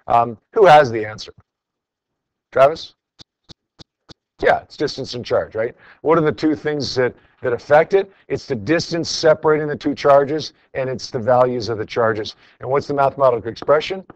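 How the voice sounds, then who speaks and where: A man's voice: mid-range voice, moderate pace, dry recording. Muffled male teacher in a classroom. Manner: conversational, calls on students by name. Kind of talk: classroom homework review.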